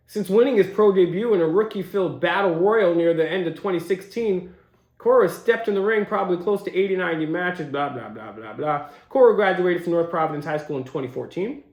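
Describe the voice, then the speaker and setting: A man's voice: high voice, darkish tone, lo-fi sound. A young man doing casual, slangy commentary, reacting with incredulous asides. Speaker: commentary host. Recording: roomy echo.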